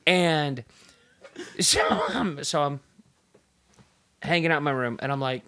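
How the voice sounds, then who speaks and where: A man's voice: fairly high pitch, moderate pace, long pauses, clean tone. A man chatting casually on a podcast with friends, telling a story and acting out the voices in it. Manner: animated storyteller who acts out voices in quotes. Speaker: podcast co-host. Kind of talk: casual chat among friends.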